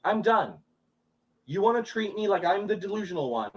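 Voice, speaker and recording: A man in a heated argument with his partner, talking in a flat, even tone and short, curt one-liners. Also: sits high, moderate pace, breathy edge, lo-fi sound. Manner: flat, even tone even while angry.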